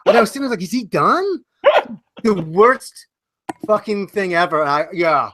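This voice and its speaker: High-voiced man in his forties telling a story. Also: normal speed. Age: 40s. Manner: animated anecdote with acted-out quotes, profane. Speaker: podcast panelist. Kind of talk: casual storytelling.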